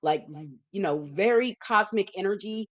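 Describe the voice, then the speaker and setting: A woman's voice: medium pitch, animated, moderate pace, muffled recording. A woman hosting a numerology forecast video, talking through slides in an emphatic, repetitive way and often checking in with listeners. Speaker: numerology forecaster, show host.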